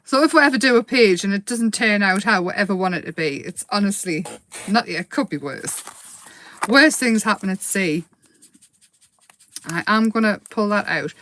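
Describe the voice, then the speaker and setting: A woman hosting a casual live craft demo, chatty and quick to giggle as she paints. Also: medium pitch, animated, fairly bright tone, no room sound.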